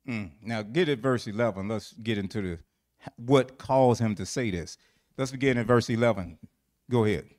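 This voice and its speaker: A man's voice: lowish voice, normal speed, a little mellow. A man teaching a Bible lesson, quizzing listeners with fill-in questions and repeating phrases for emphasis.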